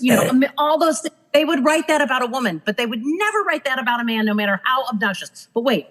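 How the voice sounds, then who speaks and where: A former cruise director with a fairly high voice talks fast, barely pausing, on a low-quality recording. In a casual podcast chat she tells stories animatedly and acts out the people she quotes.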